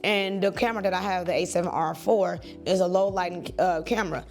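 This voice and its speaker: A woman in her thirties, a church and wedding photographer, chatting to camera at home in a lively, rambling way. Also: fairly low pitch, brisk, faint music behind. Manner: chatty, animated, digressive. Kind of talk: casual talk to camera.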